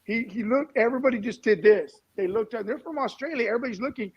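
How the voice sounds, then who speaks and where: A man on a talk-show panel, telling a story in an animated way. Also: very high-pitched, quick pace, slightly rough, highs cut off. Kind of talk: casual talk-show discussion.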